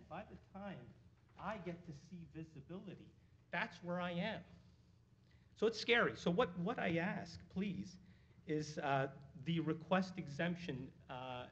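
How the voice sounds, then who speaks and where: A man speaking as a resident at a council meeting, nervous and halting, full of fillers and restarts. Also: mid-range voice. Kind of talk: public deputation. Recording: dull lo-fi meeting audio with faint noise.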